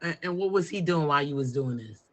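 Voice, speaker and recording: A man's voice: on the high side, animated, fast talker, fairly bright tone. A man hosting an interview, asking probing and joking questions in casual slang. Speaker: interviewer host.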